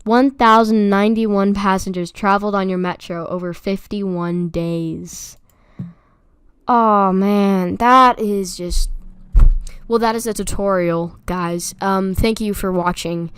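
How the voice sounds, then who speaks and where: A young woman giving chatty, excitable gameplay commentary as a YouTuber, repeating words when flustered. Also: mid-range voice, slow pace, clean tone, dry recording. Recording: faint music behind.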